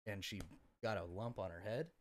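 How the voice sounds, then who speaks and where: A man's voice: lowish voice, moderate pace, no room sound. A young man in casual podcast conversation, telling his story bluntly with lots of profanity and fillers. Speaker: podcast guest.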